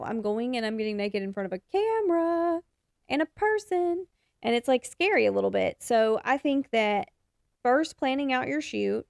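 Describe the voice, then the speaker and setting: A woman's voice: mid-range voice, creaky, a little mellow, no room sound, clean studio sound. A young adult woman hosting a podcast, giving frank, encouraging advice in a casual way and swearing now and then. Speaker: podcast host and photographer.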